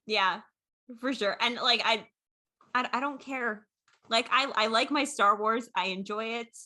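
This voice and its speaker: Bright, excitable woman co-host. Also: a little high. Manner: excited, fast-talking, many fillers. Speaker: podcast co-host. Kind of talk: casual chat.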